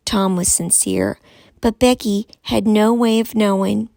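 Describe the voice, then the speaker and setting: A woman reading a graphic novel aloud, soft-spoken and unhurried. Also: medium pitch, creaky, no room sound. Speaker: reader.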